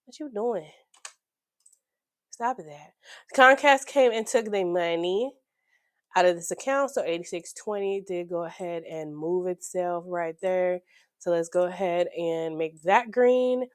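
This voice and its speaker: Chatty slightly hoarse woman. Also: fairly low pitch, measured pace, no echo, clean studio sound. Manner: chatty, excitable, talks to viewers as y'all. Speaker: budgeting YouTuber. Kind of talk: casual chat while budgeting. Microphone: desk microphone.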